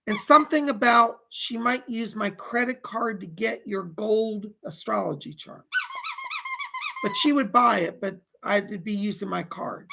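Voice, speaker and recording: A man's voice: high-pitched, a little slow, gravelly, background noise. A man hosting a casual psychic livestream, chatty and fussy, greeting viewers and scolding a pet companion.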